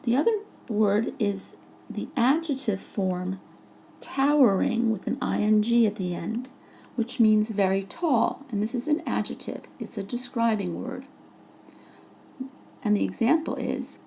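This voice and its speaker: A woman's voice: mid-range voice, a little slow, vocal fry, warm tone, a little hiss or hum. A woman teacher narrating a vocabulary lesson over a presentation, patiently explaining each word with examples. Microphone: voice-over for a slide presentation.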